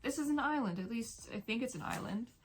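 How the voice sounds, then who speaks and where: A woman voicing an excited, self-assured fair-haired schoolboy who talks in eager exclamations. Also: a little high, brisk, faint music behind, pitched above the performer's own voice, lightly acted.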